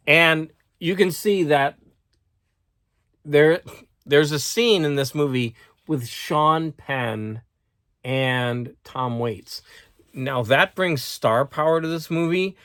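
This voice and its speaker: A man's voice: medium pitch, sing-song, slow pace, a bit bright. A male host talks through films and books in a loose, rambling way, circling back and repeating words as he goes. His voice sits in a middle register. The sound is dry, with no room echo. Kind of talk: casual chat about movies and books.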